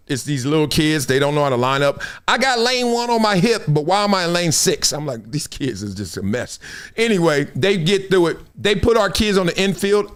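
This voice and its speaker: A man's voice: on the high side, clear, resonant tone. A middle-aged man hosting a live sports talk stream, telling stories in a casual way and acting out the lines of the people in them. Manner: animated storytelling, acts out quotes. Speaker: host.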